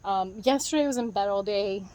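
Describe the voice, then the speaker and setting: A woman's voice: mid-range voice, brisk, darkish tone. Woman chatting in her backyard on a phone cam, says like nonstop, rambly and casual. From outside the US, moved there as a child. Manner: rambling, filler-heavy, says "like" constantly. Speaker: vlogger. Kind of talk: casual vlog chat. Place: outdoors in a backyard.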